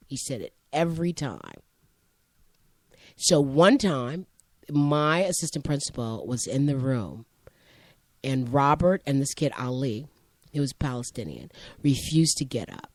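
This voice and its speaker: A woman's voice: very deep voice, animated, measured pace, darkish tone, no room sound. Rambling woman teacher telling a story. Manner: rambling, acts out voices in quotes. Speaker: high school teacher. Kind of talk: conversational storytelling.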